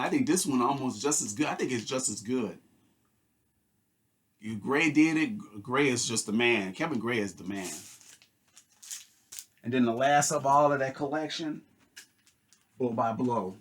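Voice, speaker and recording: A middle-aged man casually talking through his record collection haul, relaxed and enthusiastic, rambling with fillers. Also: mid-range voice. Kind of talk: casual haul video chat.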